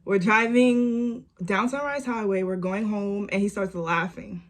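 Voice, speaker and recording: A young woman, telling a storytime vlog story with animated repeats and lots of "like". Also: mid-range voice, measured pace. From New York. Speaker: vlogger.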